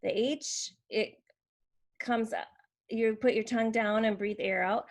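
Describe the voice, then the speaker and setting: A woman's voice: on the high side, fairly even intonation, unhurried. A woman explaining and demonstrating letter sounds for teaching children, modelling each sound. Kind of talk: instructional explanation.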